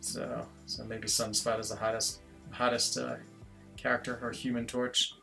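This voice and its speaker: Chuckling often, a middle-aged streamer reads comments and muses aloud in a rambling, casual chat with viewers. His medium-pitched voice sounds pushed and bright, with vocal fry and a flat delivery at a moderate pace. Faint guitar music backs him.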